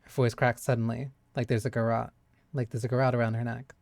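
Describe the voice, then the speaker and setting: Streamer, let's-play, chatty, laughing, mid pitch, dry close mic. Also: fast talker, creaky, no room sound. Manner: animated, laughing, swearing, chatty. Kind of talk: let's-play commentary, reading game lines aloud.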